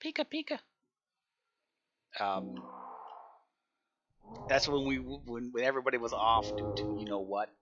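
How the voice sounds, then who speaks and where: A man's voice: mid-range voice, normal speed, long pauses, dull audio, a crowd in the background. A man chatting casually on a live game stream as a server admin, rambling, repeating himself and often laughing.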